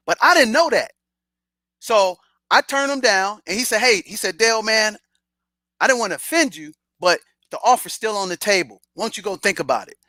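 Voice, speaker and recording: A middle-aged man tells a story from his own life in a relaxed, streetwise way, jumping into the voices of the people in it. His voice sits high and bright, with a forceful edge. The sound is dry and close, with no room around it. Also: no echo. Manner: animated, streetwise, acts out quoted dialogue. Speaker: podcast host telling a personal story. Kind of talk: casual storytelling.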